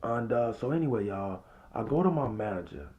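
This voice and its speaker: A man who works as a restaurant server, telling a story in a casual vlog, swinging between loud and hushed and acting out the quotes. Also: mid-range voice, animated, a little fast, slight background noise.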